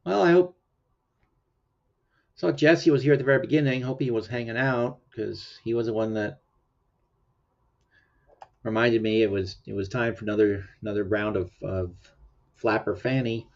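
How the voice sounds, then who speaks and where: A man's voice: on the low side, steady tone, moderate pace, gravelly, long pauses, a little mellow. A man hosting a livestream in casual chat, rambling and laughing often while sleepy and yawning. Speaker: livestream host. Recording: dull lo-fi stream audio.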